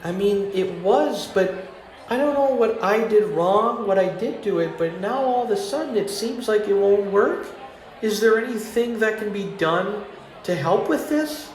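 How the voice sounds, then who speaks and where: A man's voice: high voice, lively intonation, pitched above the performer's own voice. Man putting on a sugary-sweet phone customer. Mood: sweetly pleading. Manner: fake sweet, slow and pleading. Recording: roomy ambience with faint noise.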